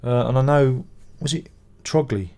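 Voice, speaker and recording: A man's voice: medium pitch, unhurried, darkish tone. Rambling man reading chat. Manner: rambling, exclamatory, sweary. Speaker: channel host. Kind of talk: live stream chat, reading viewer comments.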